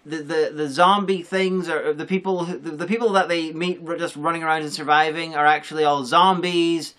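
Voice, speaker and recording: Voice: medium pitch, steady tone, brisk, a bit bright. Blunt scornful co-critic. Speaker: co-reviewer. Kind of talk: casual chat review.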